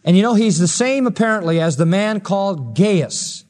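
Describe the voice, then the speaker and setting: A man's voice: high voice, expressive, normal speed, darkish tone, long reverb tail. A male pastor preaching an expository sermon, telling the story dramatically and acting out the quotes he reads.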